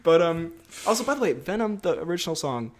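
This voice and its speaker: A man's voice: fairly high pitch, very animated, fast talker, slight background noise. Chatty laughing male podcast host. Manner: laughs often, jokey, rambling. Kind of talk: casual chat.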